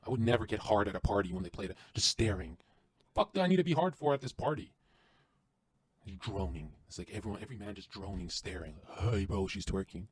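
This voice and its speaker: A man guesting on a podcast, delivering an intense, profane motivational rant that swings from loud to hushed. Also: lowish voice, very animated, quick pace, husky.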